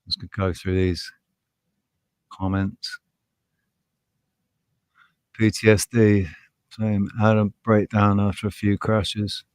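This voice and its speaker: A man's voice: lowish voice, flat delivery, slow pace, long pauses, a little mellow, clean tone, no room sound. A man hosting a livestream, talking casually in a rambling, passionate way, his voice rising when he gets heated. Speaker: live show host.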